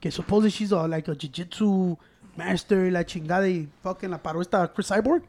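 High-voiced man, rambling bilingual banter. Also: quick pace, a little mellow. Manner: rambling, profane, mixes Spanish into English. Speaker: podcast co-host. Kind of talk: casual chat.

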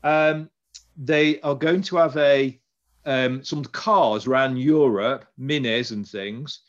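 A man's voice: medium pitch, takes it slowly, muffled recording. A man, hosting a casual podcast chat and rambling through restarts. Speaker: podcast host.

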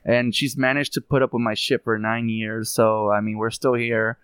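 A man hosting a podcast, telling funny stories in a lively, laughing way and dropping in Spanish words. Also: medium pitch, normal speed, clear, resonant tone, dry recording. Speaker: podcast host. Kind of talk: casual chat, storytelling.

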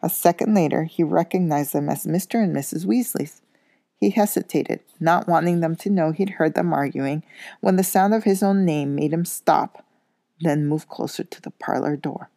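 Low, gravelly woman reading a storybook aloud. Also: moderate pace, no room sound, clean studio sound. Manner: steady storytelling. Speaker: reader. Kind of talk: read-aloud of a children's novel.

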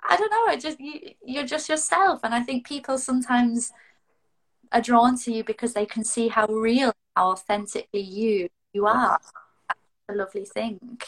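A woman with a northern English accent talks in a relaxed, reflective way. Her voice sits a little higher than most. She speaks earnestly and conversationally as a guest. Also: normal speed, low-quality recording. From northern England. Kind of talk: casual chat.

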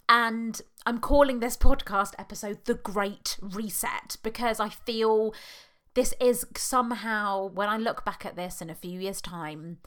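British mum doing a solo podcast, heartfelt, halting, lots of ums, middle pitch. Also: female voice, a bit bright. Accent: British English. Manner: earnest, heartfelt, halting with fillers. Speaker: podcast host and hypnotherapist. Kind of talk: personal podcast monologue.

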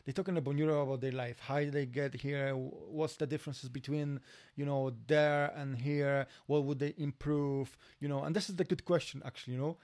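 A man from Poland, speaking English as an in a casual interview, halting, repeating words and using broken grammar. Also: a little high, fairly even intonation, darkish tone. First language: Polish. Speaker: guest.

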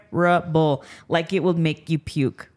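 A low-pitched woman hosts a casual podcast chat. She tells stories with energy, acting out what people said and laughing often. Her voice sits deep for a woman. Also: unhurried. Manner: animated, acts out quoted dialogue, laughs often. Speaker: podcast host and skincare business owner.

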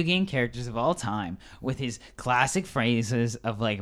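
Man, podcast co-host, casual movie chat, animated, incredulous, swears when outraged, middle pitch. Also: measured pace, hardly any pauses.

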